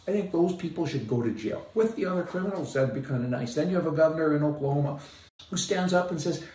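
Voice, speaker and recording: A folksy man delivering a sarcastic, opinionated monologue with heavy emphasis. His voice sits a little high for a man. It is recorded from a distance, in a room that echoes noticeably. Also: lively intonation, fairly quick, mellow. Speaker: political commentator. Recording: roomy, distant mic.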